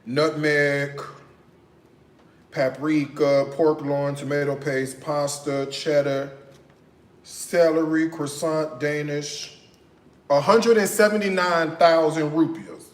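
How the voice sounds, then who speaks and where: A man's voice: a little high, fairly even intonation, slow pace. A man hosting a cooking channel, chatting playfully through his grocery haul and often checking in with "okay?". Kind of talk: casual grocery haul chat. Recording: echoey room with faint noise.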